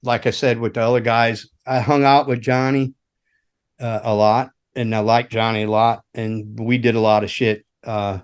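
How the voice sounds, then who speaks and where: A man's voice: medium pitch, normal speed, smooth. A man telling loose, profane road stories from his years as a rock roadie. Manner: animated, profane anecdotes. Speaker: veteran rock roadie guest. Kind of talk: casual storytelling chat.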